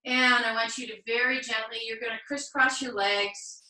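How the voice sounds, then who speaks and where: A woman teaching a live online yoga class, cueing poses gently and encouragingly with playful asides. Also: a little high, steady tone, normal speed, roomy sound, recorded from a distance, low-quality recording. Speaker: yoga instructor. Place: home room, on a video call.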